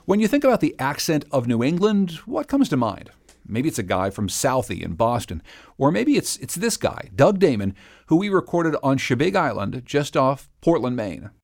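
Measured public radio host. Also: male voice, mid-range voice, very animated, gravelly, darkish tone, dry recording, studio quality, faint music behind. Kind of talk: scripted public radio hosting. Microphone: studio microphone.

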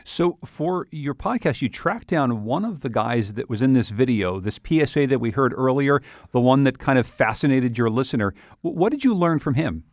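A man hosting a radio interview, curious and quick to laugh. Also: medium pitch, animated, no echo, studio quality. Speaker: radio host.

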